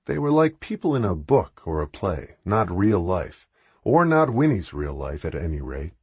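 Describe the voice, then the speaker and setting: A man narrating an audiobook with expressive, animated delivery. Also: sits low, moderate pace, husky, no echo, lo-fi sound.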